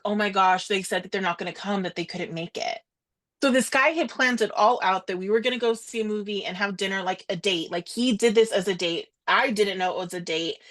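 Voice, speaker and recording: A young woman co-hosting a podcast, telling a story in casual chat, animated and quoting others in quick asides. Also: mid-range voice. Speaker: podcast co-host.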